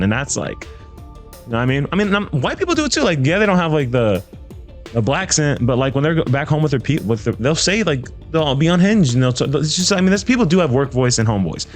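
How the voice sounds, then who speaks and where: A man's voice: fairly high pitch, sing-song, fast, soft background music. A man giving casual reaction commentary on clips, loose and conversational with many fillers.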